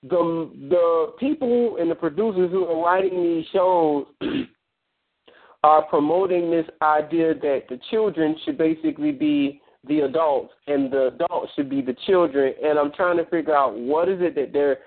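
A man's voice: on the high side, measured pace. A man moderating a call-in line, talking casually with lots of uh and um and restarts. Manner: rambling, full of fillers and restarts. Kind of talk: casual phone-in discussion. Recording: tinny phone line.

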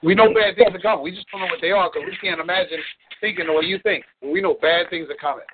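A man lectures frankly about relationships and hammers his points home by repeating words. His voice sits a bit high. The sound is thin and phone-like. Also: quick pace, a crowd in the background. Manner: blunt, preachy, repeats words for emphasis. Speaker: relationship coach. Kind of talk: frank advice on a call-in show. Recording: tinny phone-line sound.

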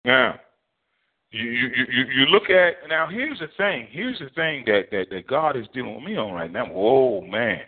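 A man's voice: mid-range voice, moderate pace. Preaching man over a tinny phone line. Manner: animated preaching, voicing God and Moses in quotes. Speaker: pastor. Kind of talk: sermon.

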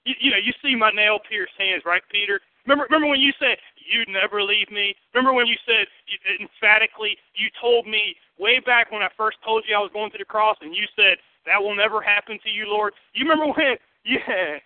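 A man preaching a sermon in a conversational way. He asks the congregation questions and swings between loud, emphatic bursts and hushed asides. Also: high-pitched, fairly quick, few pauses, no room sound, phone-quality sound. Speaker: pastor.

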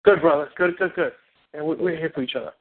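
A man coaching on a phone call, animated and rambling, acting out little scenes. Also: on the high side, fast, slightly rough. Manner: animated, rambling, acts out quotes. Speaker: relationship coach. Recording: tinny phone line.

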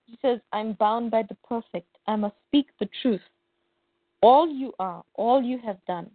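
In an unhurried, slightly high voice, a woman co-hosting a podcast casually walks through a comic's plot with animation, quoting the characters in their voices. There's no echo, and the recording is dry with a tinny, phone-like sound.

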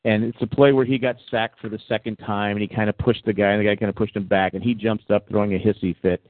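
A man's voice: fairly low pitch, little pitch movement, fast talker. A man hosting a casual sports podcast, talking in rambling stretches with many restarts and fillers. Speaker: podcast host. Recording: tinny phone-like line.

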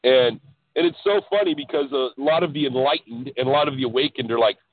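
Guy on a phone line, tinny and dry, excitedly telling a spiritual story, lots of restarts. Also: medium pitch, fast talker, no room sound. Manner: excitable, animated retelling with many restarts. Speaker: podcast guest. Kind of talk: casual storytelling about spiritual experiences.

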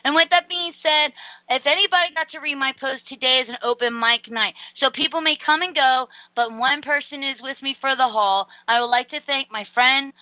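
A young adult woman hosting a casual podcast, talking in fast energetic rambles and acting out quotes. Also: high voice, no echo. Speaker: podcast host. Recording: tinny phone-line call audio.

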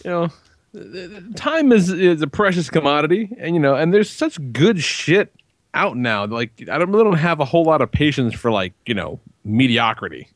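A man on a podcast talks in a laid-back, drawling way, his pitch rising and falling a lot. The recording is dry and close, with no room sound. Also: sing-song, normal speed, no echo. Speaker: podcast co-host. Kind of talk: casual chat.

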